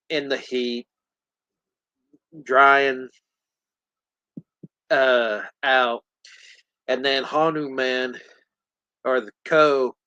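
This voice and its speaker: A man hosting a podcast, recapping a film in animated, casual storytelling full of laughter. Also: medium pitch, clean tone, dry recording, highs cut off. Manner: animated storytelling, laughs often, acts out scenes. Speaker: podcast host.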